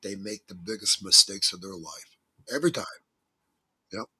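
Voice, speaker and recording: A man's voice: deep voice, normal speed, sharp tone, slightly rough. A man talking as a guest on a talk show, telling stories in a folksy, emphatic way with religious turns of phrase. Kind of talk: casual talk-show interview.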